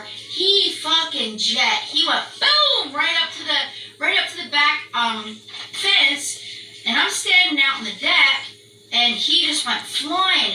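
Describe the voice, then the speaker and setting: A woman telling a story in a casual chat, animated and swearing freely, acting out the barks and screams. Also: high voice. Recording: roomy echo, distant from mic, faint background noise.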